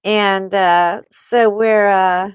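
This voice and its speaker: Slow-talking chatty middle-aged woman. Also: mid-range voice, steady tone, clean tone, dry recording, poor audio. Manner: rambling, chatty, laughs often. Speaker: host. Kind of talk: casual chat while coloring live.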